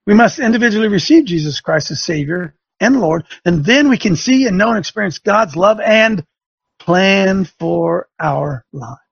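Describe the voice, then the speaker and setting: Fiery sarcastic preaching man, gravelly high voice. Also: expressive, moderate pace, no room sound, highs cut off. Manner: fiery, sarcastic, rising to shouts. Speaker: talk show host. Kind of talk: preaching radio talk.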